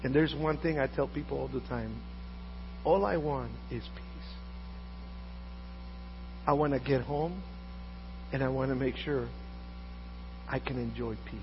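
A man in his fifties preaching a sermon as pastor, swinging between loud emphatic lines and quiet asides. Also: mid-range voice, a little slow, pauses often. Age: 50s. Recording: dull lo-fi audio with faint mains hum.

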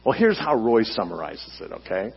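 Lively husky-voiced male pastor preaching. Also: lowish voice, normal speed, highs cut off. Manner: emphatic, teacherly, asks questions of the congregation. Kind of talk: sermon.

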